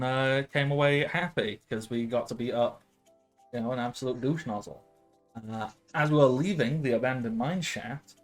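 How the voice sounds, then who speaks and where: A man in his late twenties running a tabletop game as game master, rambling with lots of filler sounds and frequent laughs. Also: mid-range voice. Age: late 20s. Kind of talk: casual tabletop game narration.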